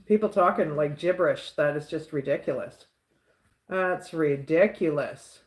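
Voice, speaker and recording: A woman's voice: low-pitched, unhurried, reverberant. A woman hosting a livestream, chatting casually and reading out viewer comments, laughing often and repeating little catchphrases. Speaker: livestream host.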